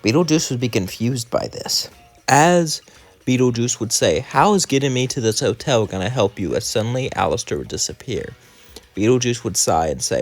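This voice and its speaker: A man's voice: medium pitch, very animated, a little fast, soft background music. A young man, the host of his channel, telling a fan-made story in a loose, run-on way, stringing events together with "as" and "would say". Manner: loose run-on narration, many "as" and "would say" links; chatty and rambling in the outro, many fillers. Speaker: channel narrator. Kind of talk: casual fan-fiction storytelling.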